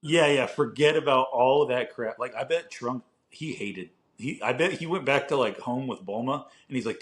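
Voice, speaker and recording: A man's voice: mid-range voice, moderate pace, hardly any pauses. A young man co-hosting a podcast in casual chat, rambling with lots of filler words and casual swearing. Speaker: podcast co-host.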